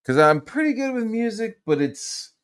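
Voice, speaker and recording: A man's voice: sits high, sing-song, normal speed, smooth. A man hosting a podcast who tells stories in a rambling, profane casual chat full of fillers. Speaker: podcast host.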